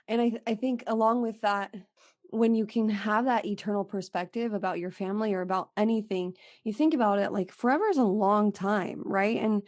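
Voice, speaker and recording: A woman's voice: mid-range voice, a little mellow, no echo, clean studio sound. Upbeat woman podcast host. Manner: upbeat, laughs easily. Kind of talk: casual faith-based interview.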